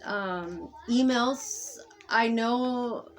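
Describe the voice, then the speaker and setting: A woman talking to camera in an unscripted personal monologue, halting and rambling with many fillers and restarts, moving between soft murmuring and loud insistence. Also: fairly high pitch. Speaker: vlogger speaking to camera.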